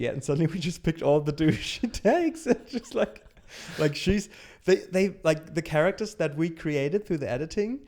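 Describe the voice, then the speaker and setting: A man hosting a casual chat, rambling and halting with frequent restarts and laughing often. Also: a little high, a little mellow. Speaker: show host.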